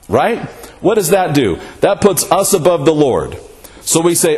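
A man with a fairly high voice preaching a sermon. He keeps asking his listeners rhetorical questions and tags his points with a quick "right?" to draw them along. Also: animated, darkish tone. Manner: asks rhetorical questions, often adds "right?".

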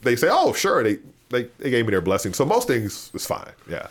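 A man's voice: medium pitch, brisk. A man chatting as a podcast guest, telling stories with lots of laughter. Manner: animated storytelling with frequent laughs. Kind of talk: casual chat.

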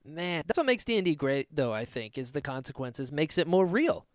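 A man's voice: on the high side, very animated, moderate pace, no echo, studio quality. A man hosting a podcast, chatting casually and eagerly, often reacting with short interjections. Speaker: podcast host. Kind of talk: casual chat.

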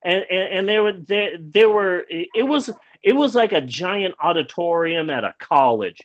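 Animated storytelling man, fairly high voice. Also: normal speed, muffled recording. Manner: animated, acts out quoted lines; rambling with frequent restarts. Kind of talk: casual anecdote telling.

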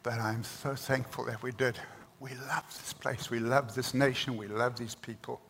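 A man's voice: medium pitch, fairly even intonation, normal speed, fairly bright tone. A man, preaching a sermon with earnest emphasis and repeated words. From South Africa. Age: 60s. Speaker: pastor. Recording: reverberant hall, faint noise.

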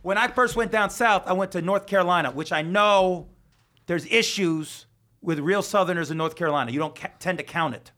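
Loud-mouthed podcast guy, swears a lot, high bright voice. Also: fairly quick. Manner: profane, storytelling. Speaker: podcast host. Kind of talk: casual chat.

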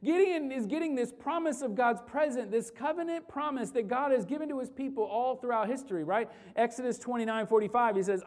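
A woman's voice: fairly high pitch, fairly quick, hardly any pauses, a little mellow. A woman preaching a sermon with emphasis, repeating key phrases and asking the listeners rhetorical questions.

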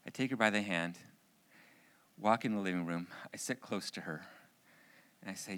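A middle-aged man preaches through a personal story. He is animated and throws in jokey asides. His low voice has a forceful, pressing edge. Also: normal speed, long pauses. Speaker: speaker. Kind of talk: personal anecdote in a sermon.

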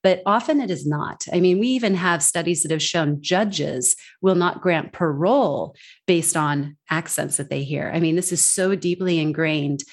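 An American woman talking as an interview guest, speaking in an animated, emphatic way. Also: low-pitched, normal speed, slightly rough. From United States. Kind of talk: podcast interview.

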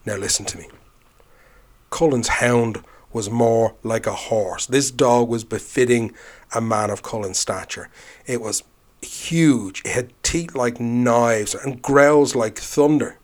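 A man telling an old legend aloud, measured and dramatic, slowing down to stress key moments. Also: medium pitch. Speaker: storyteller. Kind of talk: oral storytelling.

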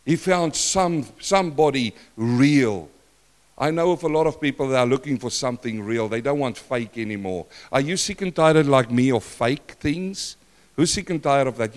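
An older man preaching a sermon in church, questioning the congregation and swinging between loud and soft. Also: on the high side. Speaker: pastor.

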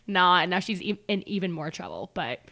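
A woman co-hosting a podcast in casual chat, animated and laughing, acting out little scenes in voices. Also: lowish voice, fairly quick, vocal fry. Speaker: podcast co-host.

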